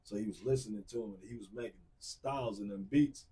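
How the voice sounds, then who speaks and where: An R&B singer in his forties tells stories as a podcast guest in casual talk, his fairly low voice moving at a quick pace. He's recorded from a distance with crowd noise around, and he animatedly acts out the voices of people in his stories.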